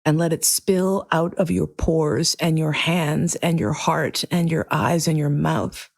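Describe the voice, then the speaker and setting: A middle-aged woman hosting her own podcast, talking earnestly and emotionally, swearing freely, in slow, deliberate phrases. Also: sits low, steady tone, vocal fry. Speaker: podcast host. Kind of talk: heartfelt solo podcast monologue.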